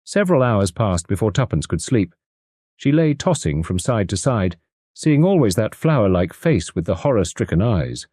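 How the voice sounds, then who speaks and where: A man narrating a classic mystery audiobook in an expressive, measured storytelling manner. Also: lowish voice, breathy edge, no room sound, studio quality.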